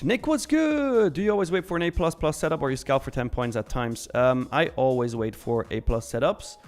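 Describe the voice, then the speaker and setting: A young man hosting a live stream, casually reading viewer messages aloud and answering them. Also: medium pitch. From Switzerland. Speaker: live-stream trading host.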